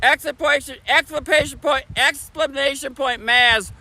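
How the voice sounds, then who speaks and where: A man with a Michigan accent chatting fast and casually on a livestream, sitting outdoors on a bench by a bridge. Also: very high voice, gravelly, sharp tone, low-quality recording. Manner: talks fast, chatty, laughs often. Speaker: streamer. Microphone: phone camera on a tripod.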